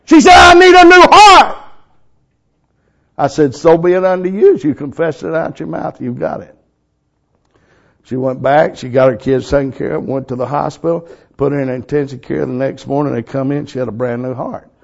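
A man preaching a sermon in a folksy, storytelling way, excitable and quick to laugh. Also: on the high side, vocal fry. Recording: lo-fi recording.

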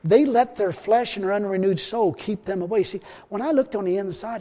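A man preaching a sermon in a folksy way, repeating himself and swinging between loud and hushed. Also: high voice, a little fast, hardly any pauses. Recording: long hall reverb.

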